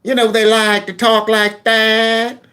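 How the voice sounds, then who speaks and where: A man's voice: high voice, completely flat delivery, slow, sharp tone. A man hosting his own channel, giving mocking political commentary on video clips with sudden squeals and laughs. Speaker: channel host.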